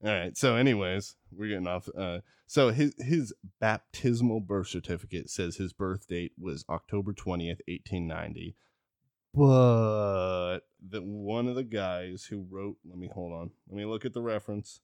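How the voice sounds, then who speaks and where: A man's voice: low-pitched, moderate pace, darkish tone, dry recording, clean studio sound. A man hosting a casual podcast, rambling and joking as he tells a history, stumbling over names. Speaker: podcast host. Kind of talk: casual chat.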